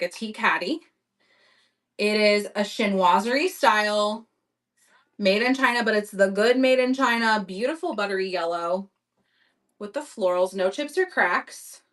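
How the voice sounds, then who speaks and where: A woman's voice: mid-range voice, fairly bright tone, far from the mic. A woman hosting a casual live-stream auction, chatting upbeat as she describes vintage items for buyers. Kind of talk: casual live-selling chat.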